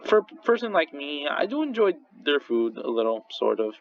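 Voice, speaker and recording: A man's voice: on the high side, sing-song, moderate pace. A young man casually ranking restaurants in a rambling, swearing vlog monologue full of restarts. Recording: slightly dull lo-fi recording with faint noise.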